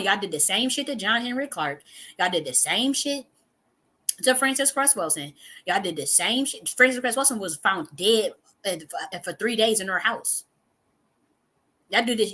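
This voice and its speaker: A woman's voice: medium pitch, sharp tone, husky. A woman, giving a heated, profane monologue full of repetition and sudden outbursts. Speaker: spiritual teacher and channel host. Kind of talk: impassioned monologue.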